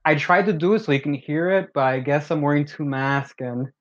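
A man co-hosting a podcast, casually telling a story in a relaxed, slangy way. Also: fairly high pitch, fairly quick. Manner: laid-back storytelling, slangy. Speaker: podcast co-host. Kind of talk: casual chat. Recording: dull lo-fi sound.

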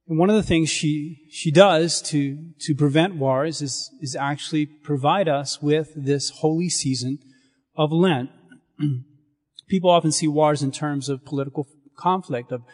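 A man serving as a priest, reading scripture and preaching in a measured, solemn cadence in a church. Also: fairly high pitch. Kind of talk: liturgical reading and sermon. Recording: long reverb of a church.

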